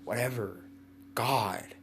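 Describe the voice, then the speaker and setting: A man's voice: fairly low pitch, lively intonation, slow, vocal fry, fairly bright tone, a little hiss or hum, heavily acted. A man voicing a cocky teenage boy ninja who talks in crude, offhand slang.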